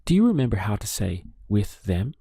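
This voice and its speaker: A male teacher guides learners through a language lesson in an unhurried, deliberate way. His voice sits low and dark, and he leaves pauses for the listener to answer. The sound is dry and close. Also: very animated, vocal fry, husky, no room sound. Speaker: Spanish teacher. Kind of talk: slow spoken language lesson.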